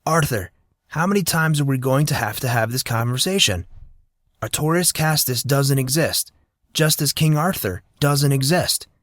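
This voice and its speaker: A man's voice: medium pitch, very animated, unhurried, fairly bright tone, breathy edge, dry recording, voice pushed up, exaggerated voice. A man voicing a cocky, teasing teenage boy with a brash, mocking way of talking.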